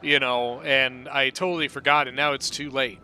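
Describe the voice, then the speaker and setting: A man giving relaxed, rambling play-by-play commentary on a strategy game battle, often correcting himself mid-sentence. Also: medium pitch, normal speed, a little hiss or hum. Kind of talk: casual gameplay commentary.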